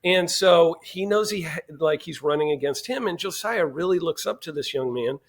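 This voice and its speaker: A middle-aged man telling a family story as a podcast guest, animated and acting out the dialogue. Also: on the high side, normal speed. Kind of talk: storytelling in casual interview.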